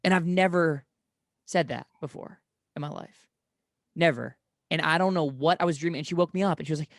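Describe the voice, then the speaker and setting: A young man's voice sits a little high and comes across dry and close. He talks loosely, in long rambling stories full of restarts and self-corrections, as in a casual chat. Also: fairly quick, vocal fry, pauses often, no room sound. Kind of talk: casual conversation.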